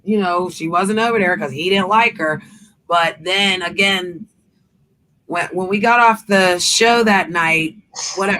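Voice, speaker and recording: A woman's voice: mid-range voice, a bit bright, slight background noise. A woman host in a casual chat, telling a heated story bluntly with profanity.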